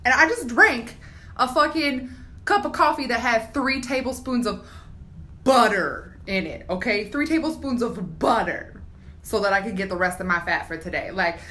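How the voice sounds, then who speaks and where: A woman's voice: a little high, moderate pace. A woman in her twenties gushing and swearing emphatically into her phone in a casual rant. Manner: excitable, profane, emphatic. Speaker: vlogger.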